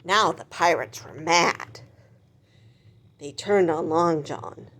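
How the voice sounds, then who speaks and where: A woman reading a children's picture book aloud with expressive, animated storytelling. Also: low-pitched, takes it slowly. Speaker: storybook reader.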